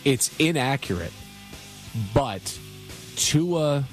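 A man co-hosting sports talk radio, reasoning through his points in a quick, conversational way. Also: mid-range voice, expressive, soft background music.

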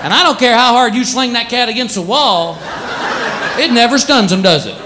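Man, stand-up comedian, high voice, animated delivery, crowd and room noise behind. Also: normal speed. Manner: animated, acts out pets in funny voices. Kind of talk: stand-up routine. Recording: live club with crowd and noise. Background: audience laughter.

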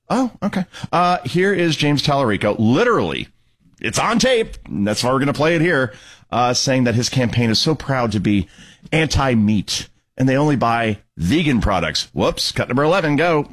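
Guy hosting talk radio, husky voice, pitch jumps all over, sarcastic. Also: sing-song, normal speed, fairly bright tone. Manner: mocking, sarcastic, emphatic. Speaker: radio talk show host. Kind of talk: political talk radio commentary.

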